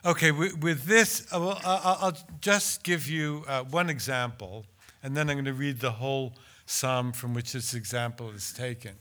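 An older man with a bright, forward voice lectures about translating poetry. He hesitates often, repeating words and restarting his sentences as he thinks aloud. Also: medium pitch, fairly even intonation. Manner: hesitant, stammering restarts in explanation, measured and declamatory when reciting. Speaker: translator giving a talk.

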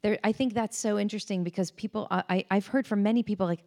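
A woman's voice: medium pitch, steady tone, quick pace, a little mellow. A woman hosting a conversational interview, thoughtfully recounting a memory to her guest. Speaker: host.

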